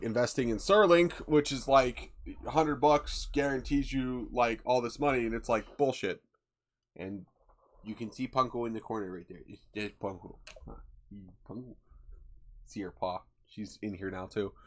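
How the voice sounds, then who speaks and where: A young man hosting a livestream, chatting casually in a rambling, laid-back way with lots of fillers and swearing. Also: mid-range voice. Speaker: livestream host.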